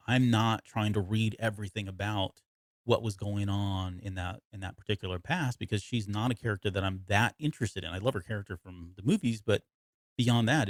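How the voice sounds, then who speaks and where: Rambling low-voiced man, dry close mic. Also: a bit bright, dry recording. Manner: rambling, self-interrupting, laughs easily. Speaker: podcast co-host. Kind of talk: casual chat.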